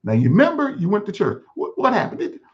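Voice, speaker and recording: A man's voice: high-pitched, wildly swooping pitch, fast, pitched above the performer's own voice. A man voicing God as a patient, fatherly male Lord who coaxes and repeats himself in a one-man sermon skit. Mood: coaxing. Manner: coaxing, pastoral, repeats himself. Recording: dull lo-fi recording.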